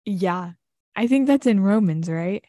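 A woman's voice: mid-range voice, lively intonation, a little slow, dark tone, dry recording, clean studio sound. A young woman with a Southern US accent co-hosting a podcast, chatting in an upbeat, joking way. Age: young adult. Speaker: podcast co-host. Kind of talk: casual chat.

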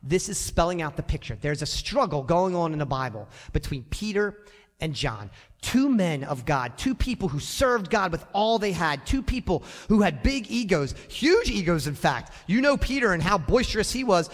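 Male pastor preaching, high voice jumping all over, chatty and funny, long churchy reverb. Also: moderate pace. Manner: animated, conversational, with humor. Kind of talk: sermon. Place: church sanctuary.

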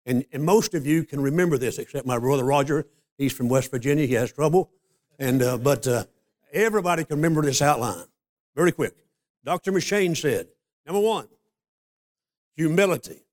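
An older man preaching a sermon, a folksy storyteller who slows down to stress scripture. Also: medium pitch, darkish tone. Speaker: pastor.

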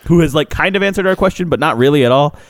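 A man on a podcast telling a story in a relaxed, chatty way, his voice leaping up and down as he acts out the people in it. The sound is close and dry, with no room around it. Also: on the high side, very fast, dry recording. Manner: animated storyteller, acts out quotes, laughs often. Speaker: podcast co-host. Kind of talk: casual chat, storytelling.

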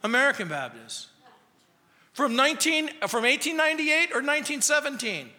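A pastor voicing a frantic, nitpicking man who pleads with someone on a bridge and fires off rapid questions, in a very high, urgent voice. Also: very animated, pushed and bright, heavily acted. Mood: interrogating. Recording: long reverb of a church sanctuary.

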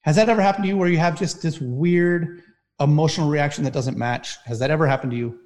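Animated firefighter telling stories. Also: male voice, fairly high pitch, quick pace. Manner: animated storyteller, frequent "right?" tags. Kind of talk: storytelling talk.

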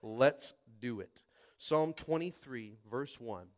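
A man's voice: mid-range voice, expressive, slow pace, darkish tone. A man preaching a Sunday sermon as pastor, stumbling over repeated words and rallying his listeners.

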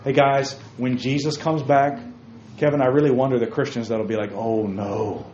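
A man's voice: mid-range voice, a little fast, a little mellow. A man preaching a sermon to a room of young men, emphatic, repeating key phrases and calling listeners by name. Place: church room with a group. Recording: roomy, dull lo-fi recording with faint noise.

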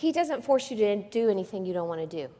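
A woman preaching a sermon with passion, swinging from hushed, quiet passages to loud, lively ones. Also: medium pitch, quick pace. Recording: long reverb of a large hall.

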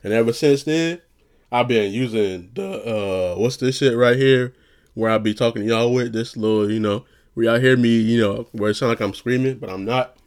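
This man vlogs casually at a normal pace with a clean tone, rambling loosely and often saying "you know what I'm saying." A vlogger who works retail, he uses a low monotone he says he projects, keeps restarting his sentences, and swears casually.

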